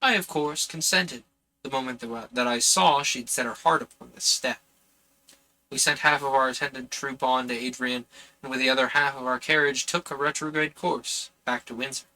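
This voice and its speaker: A man's voice: medium pitch, steady tone, normal speed, bright, forceful tone, rough recording. A man reading a classic novel aloud on a live stream, earnest in the reading and casual and self-deprecating in his asides. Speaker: audiobook reader and streamer.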